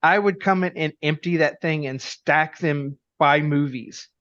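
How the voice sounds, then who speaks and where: A middle-aged man with a fairly high voice, a lively storyteller in a casual podcast chat. The sound is dull and lo-fi but dry, with no room around him. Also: a little slow, no room sound. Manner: lively anecdotal storyteller who acts out dialogue. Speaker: podcast co-host.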